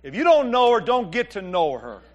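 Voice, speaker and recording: A middle-aged pastor preaches a sermon, reading scripture and telling jokey family stories in a conversational way. His voice sits high and sing-song at a normal speed, and the recording sounds lo-fi.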